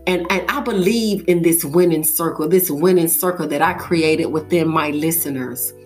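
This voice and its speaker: Low-voiced woman with an earnest motivational tone. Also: normal speed, faint music behind. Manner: earnest, heartfelt storytelling. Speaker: podcast host. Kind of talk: motivational monologue.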